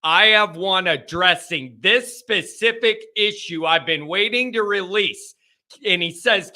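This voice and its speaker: Male host, bright and forceful tone, chatty and self-mocking, speaks straight to his audience on a casual call-in show. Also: high-pitched, unhurried. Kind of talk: casual chat to viewers.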